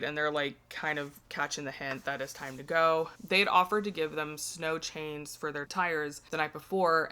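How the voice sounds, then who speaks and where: Chatty woman recapping a book, bright voice. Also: fairly low pitch. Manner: chatty, filler-heavy, acts out characters' lines. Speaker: book reviewer.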